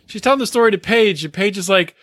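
A man's voice: sits high, quick pace, fairly bright tone. A man co-hosting a podcast, retelling scenes and quoting people in a casual chat. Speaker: podcast co-host.

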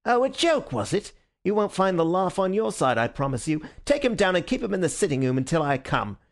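A man reading a story aloud, voicing an indignant police inspector in a raised, higher voice. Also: very animated, brisk, gravelly. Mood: angry. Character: angry blustering police inspector, middle-aged man.

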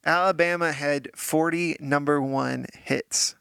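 A man with a fairly high voice and a strong gravelly fry co-hosts a casual podcast. He tosses in dry, playful quips and bits of trivia. His voice sounds close and dry. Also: steady tone, unhurried, a bit bright, no room sound. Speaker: podcast co-host.

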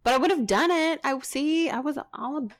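A woman's voice: sits high, moderate pace, no room sound, clean studio sound. A woman in her thirties co-hosting a casual chat, teasing her friend bluntly and playfully. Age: 30s. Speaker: podcast co-host.

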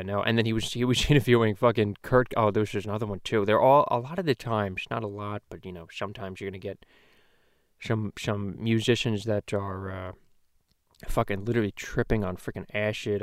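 A man's voice: lowish voice, clear, resonant tone, no echo, clean studio sound, close to an everyday voice. A man doing a crude rambling cartoon dad. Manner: rambling, profane, loose storytelling. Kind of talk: casual podcast chat.

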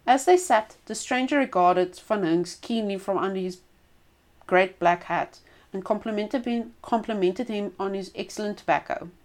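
A woman's voice: medium pitch, normal speed. Woman reading a folk tale aloud. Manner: expressive reading with small restarts. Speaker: storyteller.

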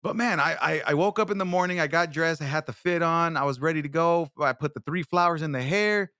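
A man's voice: on the high side, brisk, pushed and bright, clear, resonant tone, dry recording, studio quality. A man hosting a show, telling comic stories in a rambling, profane way with many restarts. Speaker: show host. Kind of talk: comedic storytelling.

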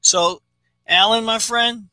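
A man's voice: high-pitched, steady tone, slow pace, sharp tone, no echo. A man hosting a casual show, friendly and hesitant, with fillers. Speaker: show host.

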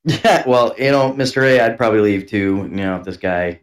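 A man with a lowish voice chimes in on a casual podcast chat with short, profane reactions to his co-host's story. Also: a little fast. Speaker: podcast co-host.

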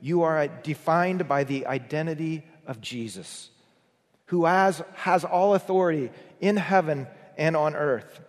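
A man preaching a morning sermon, earnest in tone, who builds up to emphatic peaks and then drops to a near hush. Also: a little high, unhurried, big-room sound. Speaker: pastor.

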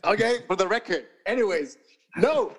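A man's voice: sits high, animated, moderate pace, a bit bright. A man co-hosting a podcast in casual, profane chat, rambling with many fillers and restarts. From New York. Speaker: podcast co-host. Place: podcast studio.

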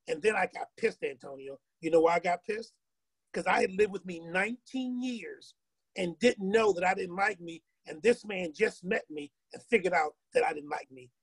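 A man's voice: high voice, husky, no echo, low-quality recording. A middle-aged man telling a personal story in casual talk, earnest and emphatic, often repeating himself. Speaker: guest on a group call.

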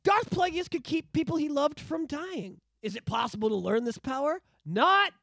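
A man putting on the voice of a scheming old male galactic emperor, speaking in a slow, insinuating way. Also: very high-pitched, lively intonation, creaky, a bit bright, dry recording, studio quality, pitched above the performer's own voice, full character voice. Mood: sly.

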